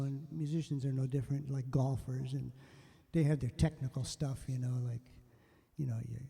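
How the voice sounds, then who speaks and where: An older man who is a musician host tells a casual, rambling story, stopping himself partway and animating the voices of those he quotes. His medium-pitched voice is gravelly with a breathy edge, and a long reverb trails behind it.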